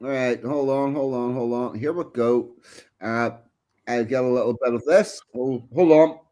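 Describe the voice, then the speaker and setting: A man's voice: medium pitch, steady tone, moderate pace, dark tone. A man co-hosting a casual stream, giving short agreeing replies, laughing and cueing up clips. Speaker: co-host. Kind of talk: casual chat.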